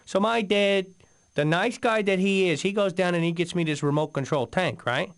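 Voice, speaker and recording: A man's voice: sits high, normal speed, clean tone. An actor playing a rambling, boozy male radio co-host on a comedic in-game talk station, telling a story full of fillers.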